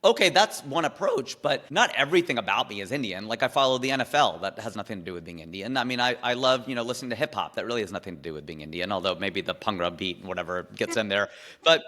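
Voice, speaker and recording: A man, a comedian, talking through stories and advice in a casual interview, animated with quick asides. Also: on the low side, big-room sound.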